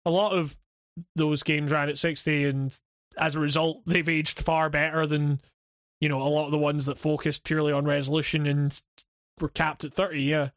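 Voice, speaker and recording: British man, casual chat, halting, lots of restarts, laughs easily, high voice, dry sound. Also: flat delivery, a bit bright, no room sound. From Britain.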